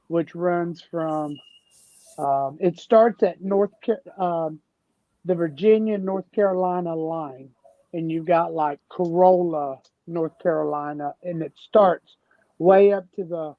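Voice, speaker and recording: This man from Tennessee has a high voice and a Southern US accent, and he talks slowly while telling rambling, folksy stories as a guest in casual conversation. The recording is dull, dry, and lo-fi, with no room sound.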